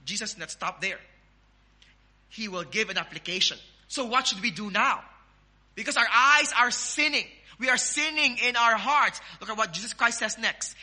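A man with a Filipino accent preaching a sermon as pastor, emphatic, with sudden loud rises. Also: high voice, lively intonation, moderate pace.

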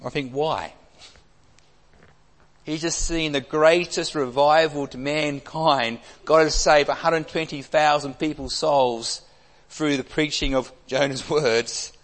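A man preaching an expository sermon, emphatic, with wide swings between loud and soft. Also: fairly high pitch, steady tone, takes it slowly. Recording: long hall reverb.

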